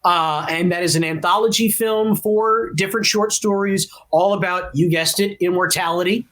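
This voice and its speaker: A man guesting on a podcast interview, telling an animated anecdote. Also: sits high, normal speed. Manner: animated storyteller. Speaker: actor guest.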